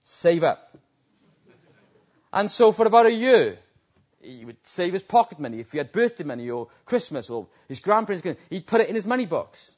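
A man preaching a sermon, telling stories that swell into loud, emphatic peaks. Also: sits high. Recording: dull lo-fi recording.

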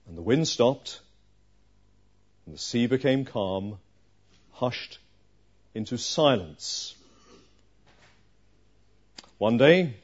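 A man preaching a sermon, slow and emphatic, with dramatic pauses. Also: medium pitch, a little mellow, highs cut off.

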